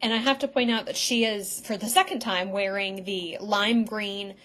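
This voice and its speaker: A woman's voice: mid-range voice, fairly even intonation, fairly bright tone. A young woman co-hosting a podcast, chatting casually, cracking jokes and laughing easily. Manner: wisecracking, quick to laugh. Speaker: podcast co-host. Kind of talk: casual chat.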